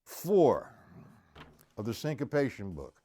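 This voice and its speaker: Gruff drum teacher counting beats. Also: male voice, medium pitch, wildly swooping pitch, takes it slowly. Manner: counts beats aloud loudly, gruff asides and mild swearing. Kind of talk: live-streamed drum lesson.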